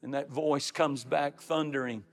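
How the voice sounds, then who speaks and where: A man's voice: medium pitch, fairly even intonation, a little slow. A man preaching a sermon, emphatic, with dramatic rises and drops in his delivery. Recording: long hall reverb with faint music.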